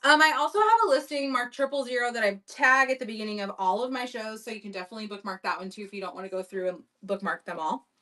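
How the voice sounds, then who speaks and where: A woman's voice: a little high, quick pace, few pauses, bright, forceful tone, recorded from a distance. A woman hosting a casual live-stream auction, chatting upbeat as she describes vintage items for buyers. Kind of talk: casual live-selling chat.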